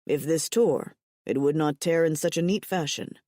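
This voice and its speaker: A woman voicing a calm alien barbarian man. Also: moderate pace, no echo, clean studio sound, close to an everyday voice. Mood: mild. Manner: low, mild, even tone. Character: calm, mild-mannered male alien barbarian warrior. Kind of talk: audiobook character voice.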